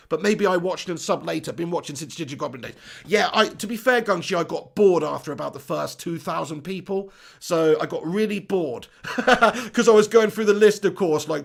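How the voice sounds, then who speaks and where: A man hosting a football live stream, chatty and upbeat, giving shout-outs to viewers. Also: on the high side, creaky. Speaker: football channel host.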